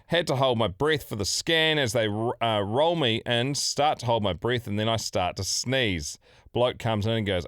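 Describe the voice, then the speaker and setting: A man's voice: medium pitch, normal speed, fairly bright tone, no room sound, studio quality. A middle-aged man with a New Zealand accent, co-hosting a podcast and reading out a listener's story in a laid-back, sweary way. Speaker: podcast co-host.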